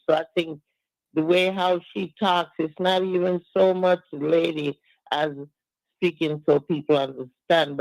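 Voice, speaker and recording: A man's voice: a little high, vocal fry, no echo, rough recording. A man with a Jamaican accent, a former teacher, speaking on a radio panel in a reflective way, stumbling over repeated words. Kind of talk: casual panel discussion.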